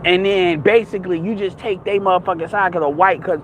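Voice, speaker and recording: Young guy with a high voice ranting, swearing a lot, faint street noise behind. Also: steady tone, a little fast, a bit bright, low-quality recording. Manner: profane, heated, rambling. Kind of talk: casual ranting monologue.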